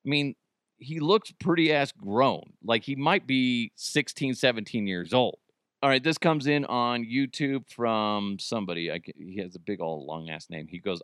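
A man hosting a casual podcast, tossing out profane jokes and laughing as he talks. His pitch swoops up and down freely, and the recording is close and dry. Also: expressive, normal speed, fairly bright tone, clear, resonant tone, dry recording. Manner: joking, profane, laughs often. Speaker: podcast host.

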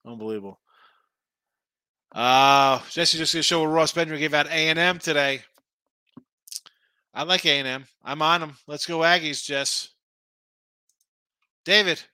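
A middle-aged man hosts a sports betting show, his voice a little high and bright with a forceful, clean tone. He talks at a measured pace, pausing often, rambling and opinionated with frequent restarts in casual betting chatter. The recording is dry and close.

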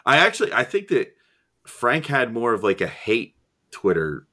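A man's voice: mid-range voice, very animated, moderate pace, over a noisy crowd. A young man co-hosting a sports podcast, laid-back and joking in casual banter. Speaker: podcast co-host. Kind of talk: casual chat.

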